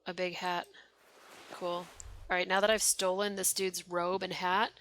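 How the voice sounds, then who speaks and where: A woman's voice: fairly low pitch, little pitch movement, a little slow, fairly bright tone, a little hiss or hum. A young woman streaming a game, chatting wryly and reading its dialogue aloud. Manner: chatty, wry, reads game text aloud.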